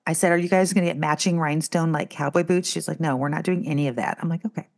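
Middle-aged woman, co-host, chatty family storyteller, a touch low. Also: fast talker. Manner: chatty storyteller, animated when telling stories. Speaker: podcast co-host. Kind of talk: casual chat.

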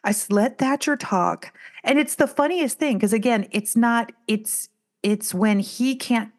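A woman's voice: a little high, unhurried. A middle-aged woman, chatting casually as a podcast co-host and telling family stories. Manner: chatty storyteller, animated when telling stories. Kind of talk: casual chat.

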